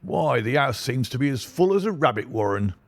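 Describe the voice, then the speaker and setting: A man voicing a stout, blustering middle-aged police inspector with a muffled, husky, wheezing voice in an audiobook. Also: mid-range voice, big pitch swings, brisk, dry recording, voice pushed up. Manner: pompous, brash and self-satisfied. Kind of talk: audiobook reading.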